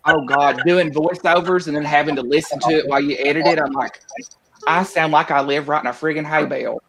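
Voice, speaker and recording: A man with a Southern Appalachian accent spins stories in relaxed chat, laughing often and mimicking local folks. His voice sits a little high. A faint hiss runs under it. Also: fairly quick. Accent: Southern US, East Tennessee. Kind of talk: casual chat.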